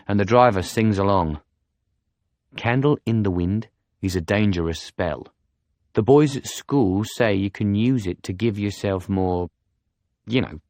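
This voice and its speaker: A man reading a novel aloud as an audiobook narrator, in steady first-person storytelling. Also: fairly low pitch, no echo.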